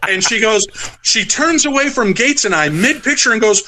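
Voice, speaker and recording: A middle-aged man telling stories as a podcast guest, animated and acting out the voices of the people in them. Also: sits high, moderate pace, very noisy. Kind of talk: casual storytelling.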